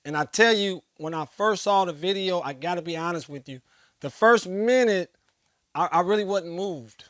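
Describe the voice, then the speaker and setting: A man's voice: high voice, normal speed, fairly bright tone, no room sound, clean studio sound. A man hosting his own show, speaking straight to the viewer in an impassioned monologue with emphatic, preacher-like repetition. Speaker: host.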